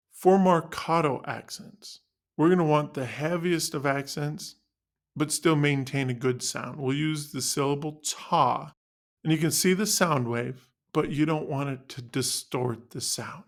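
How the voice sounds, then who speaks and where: A man teaching a band lesson, explaining in a clear instructional way and sounding out syllables to demonstrate articulation. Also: medium pitch, a little slow.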